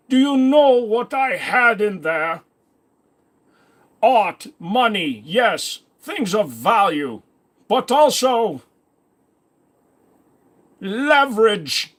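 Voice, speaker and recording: A swaggering Russian gangster boss, put on by a man, drawing out each word with theatrical menace. His voice rides high and loud in a heavy put-on Russian accent. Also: exaggerated voice. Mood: menacing. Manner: slow, drawn-out, theatrical menace. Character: boastful Russian mob boss, middle-aged man.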